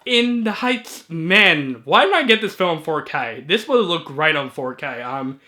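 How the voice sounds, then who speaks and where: In a casual video, a movie reviewer walks through his film shelf with a high, bright, forward voice that swings widely in pitch. He's chatty and eager, tossing in ums and quick asides between titles.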